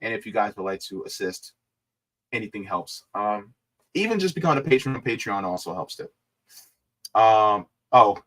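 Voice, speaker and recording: Man, livestream host, casual chat, rambling, mid-pitched voice. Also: expressive, normal speed, a bit bright. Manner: chatty, loose and rambling, with frequent fillers.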